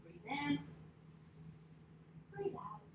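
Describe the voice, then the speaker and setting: Woman, preschool yoga teacher, high pitch, slow unhurried delivery, expressive, distant mic. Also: muffled recording. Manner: animated, expressive, prompting children to repeat. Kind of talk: interactive story and movement lesson for children. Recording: echoey, distant, noisy room.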